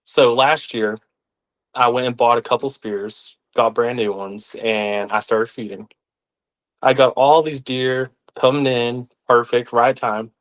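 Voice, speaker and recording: A young man, telling stories as a podcast guest in an animated way, sometimes acting out the voices of others. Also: mid-range voice, unhurried. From Arkansas, United States. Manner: animated, acts out quoted voices. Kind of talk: casual storytelling.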